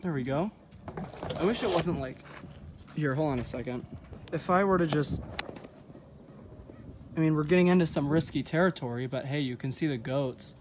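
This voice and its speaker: A man films goats on his phone at a ranch, chatting to viewers and cooing at the animals. His voice sits a little high. Clear outdoor noise runs under the phone recording. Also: moderate pace, long pauses. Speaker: vlogger. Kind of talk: casual vlog. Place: outdoors at a ranch by a goat pen.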